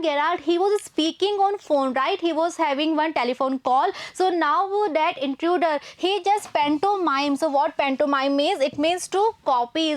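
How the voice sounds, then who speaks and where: A woman teacher with an Indian English accent, explaining a textbook play line by line and checking in with "okay?" and "right?". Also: high voice. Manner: reads lines then paraphrases with frequent "okay?" and "right?".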